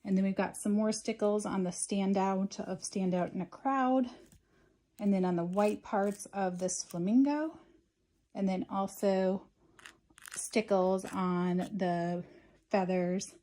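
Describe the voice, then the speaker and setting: A woman with a soft, mellow voice talks through a craft project step by step. Her delivery is casual and chatty, often filling pauses with ums. Her pitch sits in an ordinary middle range. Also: steady tone. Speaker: craft tutorial host.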